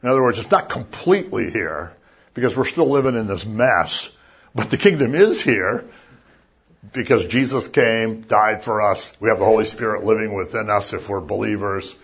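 A man preaching a sermon in a conversational way, with jokey asides and sudden loud bursts of emphasis. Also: fairly low pitch, animated, moderate pace, slightly rough, dull audio. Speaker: pastor.

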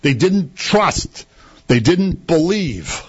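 Slow, husky male preacher. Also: fairly high pitch, sing-song, muffled recording. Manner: conversational, asks the congregation rhetorical questions. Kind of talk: sermon.

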